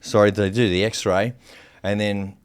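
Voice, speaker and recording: A podcast guest narrates a personal story casually and with energy, swearing liberally and using lots of fillers. His fairly low voice is unhurried, clear, and resonant.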